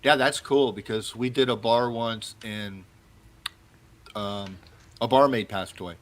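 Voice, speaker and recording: Relaxed man telling ghost stories. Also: medium pitch, unhurried, a little hiss or hum. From South Florida. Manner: relaxed, conversational storytelling. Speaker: paranormal investigator. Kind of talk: casual chat.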